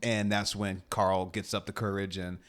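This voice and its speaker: A man co-hosting a casual movie review chat, animated and laughing often as he acts out scenes. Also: low-pitched, moderate pace, smooth. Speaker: podcast co-host.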